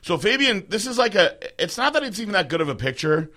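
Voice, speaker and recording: A young man co-hosting a casual podcast, his voice bright and forward. He talks in an animated, loose way, swears often and repeats words as he goes. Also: high voice, quick pace. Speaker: podcast host.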